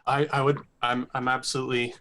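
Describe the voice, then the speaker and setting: A man playing a character in a tabletop game, halting and stammering as he speaks. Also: medium pitch, flat delivery, bright, forceful tone. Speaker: player. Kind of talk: casual tabletop play.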